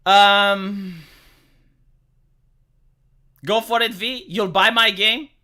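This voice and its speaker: A man's voice: sits high, fairly even intonation, drawn-out words, pushed and bright. A man from Romania, ranting casually to his live-stream viewers, swearing freely and stammering over repeated words. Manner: profane, stammering, repeats words when worked up.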